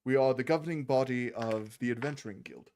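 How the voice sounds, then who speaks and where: A man's voice: medium pitch, a little mellow, close to an everyday voice. Man doing a haughty fancy noblewoman. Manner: fancy, formal, halting. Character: haughty noblewoman, guild official.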